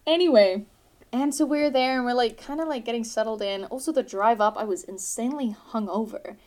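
A woman's voice: a little high, brisk. A British woman co-hosting a podcast, telling rambling stories in casual chat and swearing freely. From Britain. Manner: animated, swearing storyteller. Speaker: podcast co-host.

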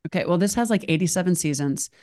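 A woman hosts a podcast in casual conversation, talking openly in long, emotional run-on thoughts. Her voice is lowish and mellow, animated and quick-paced.

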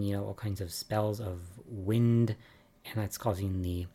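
A man's voice: lowish voice, steady tone, a little slow, mellow. A man giving a casual, chatty recap of soap opera episodes, with lots of "um" and "like" and amused asides.

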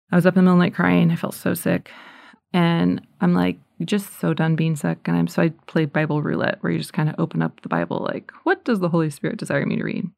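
Woman w a real gravelly low voice, earnest faith talk, sometimes goes whispery. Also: darkish tone, no room sound. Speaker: Catholic speaker. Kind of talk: spiritual reflection.

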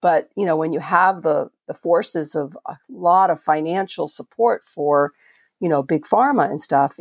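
This older Floridian veterinarian speaks as a podcast guest, sharing stories with passion in a chatty style full of restarts. She has a deep voice, and the studio recording is clean with no echo.

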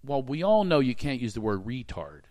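A man's voice: mid-range voice, moderate pace. A man hosting a podcast, telling self-deprecating stories in a casual comedic chat. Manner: animated, self-deprecating storyteller. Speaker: podcast host.

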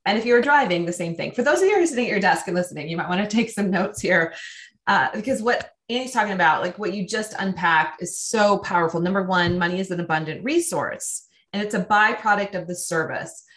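A woman's voice: mid-range voice, animated, a little fast, a bit bright. A woman hosting a podcast, enthusiastically recapping her guest's points for listeners. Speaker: podcast host. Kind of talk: conversational interview.

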